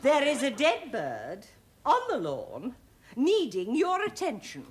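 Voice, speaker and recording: A woman's voice: a little high, huge pitch swings, takes it slowly, very noisy, heavily acted. A smothering older mother. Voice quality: wildly swooping, sing-song delivery. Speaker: domineering mother. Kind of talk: studio sitcom acting. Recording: studio audience laughter. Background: loud audience laughter.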